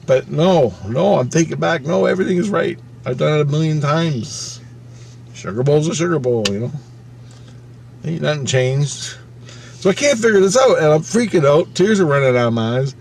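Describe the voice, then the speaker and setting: A man casually telling a personal story, swearing freely and acting out his own panicked thoughts with sudden swings between loud and quiet. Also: fairly high pitch, expressive, normal speed, creaky, a little hiss or hum. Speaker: channel host recounting a personal experience.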